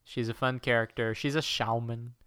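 A man with a bright, clean-toned voice chatting casually as a co-host. He retells a story in a rambling, jokey way and drops into goofy voices for the characters. The sound is dry and close. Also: medium pitch, flat delivery, normal speed, smooth, no echo. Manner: jokey, rambling plot recap with silly quoted voices. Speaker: podcast co-host. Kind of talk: casual comedic chat.

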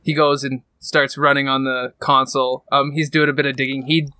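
A man's voice: mid-range voice, little pitch movement, fairly quick, pushed and bright, clear, resonant tone, no room sound. A man narrating a tabletop roleplaying game as game master, casual and full of fillers.

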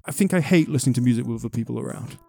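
A man's voice: medium pitch, lively intonation, racing, gravelly, a little mellow, no echo, faint music behind. A man from England co-hosting a podcast, rambling and laughing at himself in casual chat. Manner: rambling, self-mocking, laughs often. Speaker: podcast co-host.

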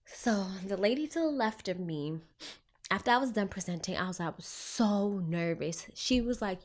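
A young adult woman who works as a clinician with children tells her viewers a personal story at a moderate pace. She's animated and expressive, her pitch jumping around and her speech filled with fillers like "you know."

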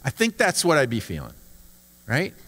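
A man's voice: mid-range voice, wildly swooping pitch, normal speed, pushed and bright, slightly rough. A man preaching a conversational sermon as a pastor, talking casually and often restarting his words. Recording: long hall reverb.

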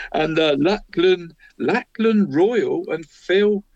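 A man's voice: medium pitch, steady tone, measured pace, darkish tone, dry recording, muffled recording. Chatty man saying "mate" constantly. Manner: chatty, tags nearly every line with 'mate', chuckles at his own jokes. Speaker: podcast co-host reading local football results. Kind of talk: casual sports chat.

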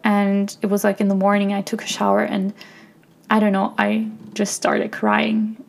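A young woman hosting her own podcast, talking reflectively and softly in a personal monologue, with many fillers like "like". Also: mid-range voice, monotone, normal speed, vocal fry. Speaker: podcast host.

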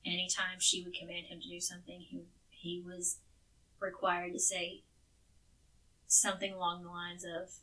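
Podcast lady retelling a crime case, low-ish bright voice, a bit off mic, casual and sweary. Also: completely flat delivery, normal speed, far from the mic, low-quality recording. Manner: chatty, swearing, restarts words. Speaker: podcast co-host telling a true crime case. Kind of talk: casual true crime storytelling.

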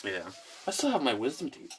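Brief: man, bright forceful voice, animated storyteller, casual co-host. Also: mid-range voice, fairly quick, slight background noise. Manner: animated storyteller acting out quotes. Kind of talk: casual chat.

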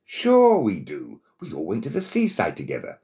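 A man's voice: lowish voice, wildly swooping pitch, moderate pace, warm tone. A man voicing a young, chatty baby pigeon in a breezy manner.

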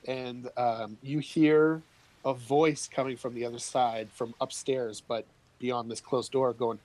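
A man running a tabletop game as game master, describing scenes and calling for rolls with a relaxed, laughing manner. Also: mid-range voice, measured pace, low-quality recording.

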